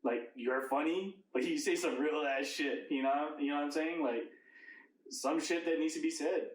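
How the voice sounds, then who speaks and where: A man's voice: fairly high pitch, steady tone, normal speed. A man hosting a casual interview, reacting in a laid-back, profane way and asking easygoing questions. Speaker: interview host. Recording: roomy, distant mic, faint background ambience.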